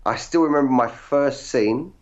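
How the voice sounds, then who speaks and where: A man, an actor guest, telling animated, self-deprecating stories in casual interview chat. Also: mid-range voice, moderate pace. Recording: dull lo-fi audio.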